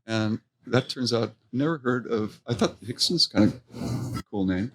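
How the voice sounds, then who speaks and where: A middle-aged man telling stories from his restaurant career in a casual interview, animated and quoting people as he goes. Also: medium pitch, measured pace. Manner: animated anecdote-telling, acts out quotes. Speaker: restaurant co-owner, guest.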